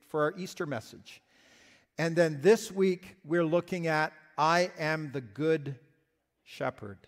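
Slow-speaking, high-voiced pastor preaching. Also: male voice, a bit bright, in a large hall. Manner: earnest, explanatory, with restarts and repetitions. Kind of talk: sermon.

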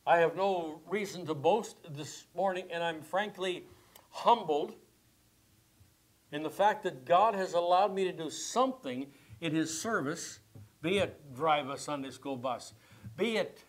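A man pastor preaching a sermon slowly, rising to loud emphatic passages and dropping to hushed, near-whispered phrases. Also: on the high side. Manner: preaching with swells of loudness and drops to near-whispers; slow, deliberate delivery.

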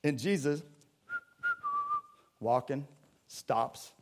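In a church sanctuary, a pastor preaches a sermon, chatting conversationally with the congregation and acting out Bible scenes in quoted voices. His mid-range voice moves extremely slowly, and background noise can be heard.

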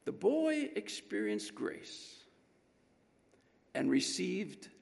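Man preaching, telling a story with lots of energy, slightly high voice, big reverb. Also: extremely slow, vocal fry. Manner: animated, emphatic storytelling. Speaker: pastor. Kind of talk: storytelling sermon. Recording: long reverb in a large hall.

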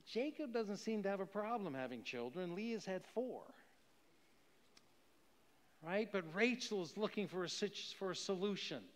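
A man's voice: high voice, in a large hall. A man preaching a sermon in a conversational way, with rhetorical questions and occasional chuckles. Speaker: pastor.

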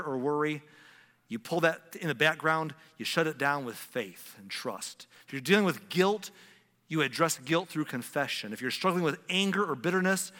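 A middle-aged male pastor preaches in a casual, chatty way, slipping into little acted-out scenes. His voice is bright and a touch high, and it rings with the long reverb of a big hall. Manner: conversational, acts out little scenes with shifting voices. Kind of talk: sermon.

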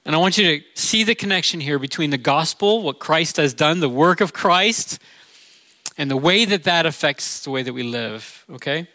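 Midwestern male pastor, middle-aged, bright tense tone, slightly high voice, dry close sound. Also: animated, normal speed, dry recording. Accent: Midwestern American. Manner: earnest, conversational preaching with rhetorical questions. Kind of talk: sermon.

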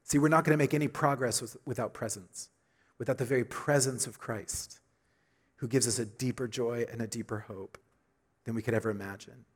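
A middle-aged man preaching a sermon with emphatic delivery, repeating key phrases and building to loud high peaks. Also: fairly even intonation, a little fast. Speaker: pastor.

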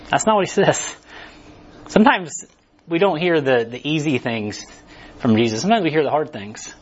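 Husky casual preacher man. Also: fairly high pitch, moderate pace, lo-fi sound. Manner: casual, animated, acts out inner voices. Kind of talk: conversational sermon.

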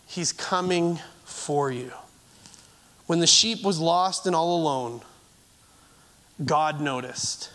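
A man preaching a sermon in an earnest, halting way, often restarting his phrases and moving between raised and hushed delivery. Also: on the high side. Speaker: pastor.

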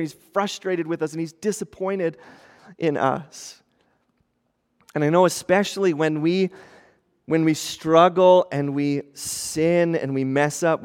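A man in his thirties, a pastor, preaching in a conversational style that moves between hushed and animated. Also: on the high side, big-room sound. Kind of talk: sermon.

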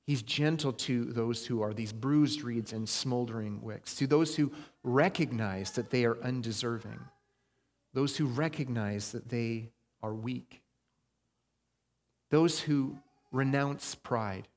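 Man preaching in a reverberant hall. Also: mid-range voice. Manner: conversational preaching, stresses and slows key phrases. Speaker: pastor. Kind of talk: sermon.

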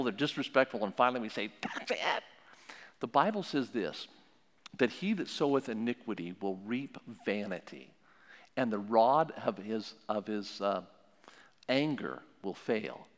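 A man teaching about parenting in a sermon style, telling stories in an animated way and repeating his key phrases. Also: mid-range voice. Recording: long hall reverb.

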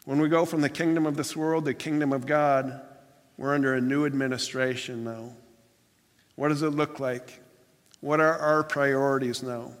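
A man's voice: mid-range voice, level tone, normal speed. A man preaching a sermon as pastor, telling stories in an earnest, plainspoken way with some restarts. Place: church sanctuary. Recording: long hall reverb.

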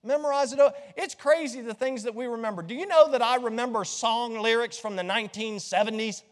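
A middle-aged male pastor preaching a sermon, lively and joking as he quizzes his congregation with rhetorical questions. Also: very high-pitched, brisk. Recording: long hall reverb.

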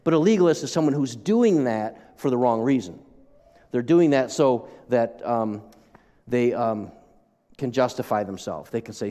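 A male pastor delivers a sermon in an easy, conversational way, turning aside now and then to speak to the congregation. His voice sits at an ordinary middle pitch for a man. A long reverb trails after his words, as in a large church sanctuary. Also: animated, normal speed, dark tone.

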